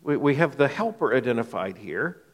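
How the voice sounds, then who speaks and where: A man preaching an expository sermon, his voice sitting in an ordinary middle pitch. He talks with emphasis and often repeats a word as he thinks aloud. His voice rings with a long reverb in a large church hall. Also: big pitch swings, moderate pace. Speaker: pastor.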